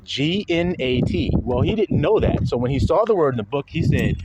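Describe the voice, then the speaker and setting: A man's voice: a little high, animated, fairly quick, few pauses, darkish tone. A young man preaching casually, telling a story with frequent rhetorical questions. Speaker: online preacher. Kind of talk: casual religious talk. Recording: noisy background.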